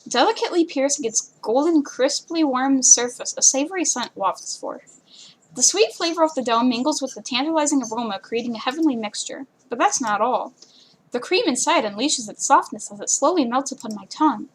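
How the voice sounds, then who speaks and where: A woman's voice: high-pitched, lively intonation, fairly quick, slight background noise. A woman reading the lines of a poor young male student, describing food in a flowery, overdramatic way. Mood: savoring.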